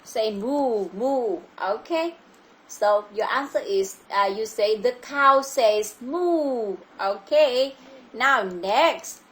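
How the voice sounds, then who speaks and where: A woman's voice: on the high side, lively intonation, slow, fairly bright tone. A woman with a Vietnamese accent teaching a child English over a video call, patiently repeating her questions. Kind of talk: online English lesson for a child.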